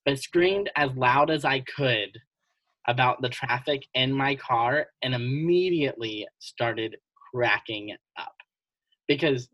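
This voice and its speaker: A podcast co-host telling personal stories in casual chat, animated and laughing often. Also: medium pitch, takes it slowly, no room sound, poor audio.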